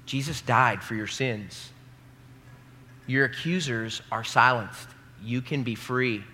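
Young male preacher, bright and forceful, emphatic sermon delivery with crowd call-and-response, long hall reverb. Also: medium pitch, slow pace. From American Midwest. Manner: emphatic, rising to loud peaks, calls the audience to repeat lines. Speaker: pastor. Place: large hall before a live congregation.

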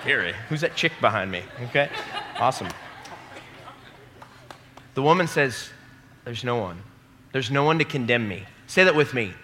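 Young male preacher, bright and forceful, emphatic sermon delivery with crowd call-and-response, long hall reverb. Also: mid-range voice, expressive, moderate pace, long pauses, a little hiss or hum. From American Midwest. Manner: emphatic, rising to loud peaks, calls the audience to repeat lines. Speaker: pastor. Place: large hall before a live congregation.

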